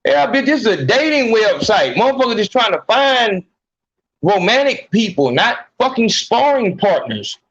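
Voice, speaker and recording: A man's voice: high voice, very animated, normal speed, a bit bright, lo-fi sound. A man hosting a podcast, ranting bluntly with heavy slang and swearing. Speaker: podcast host. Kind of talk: profane ranting commentary.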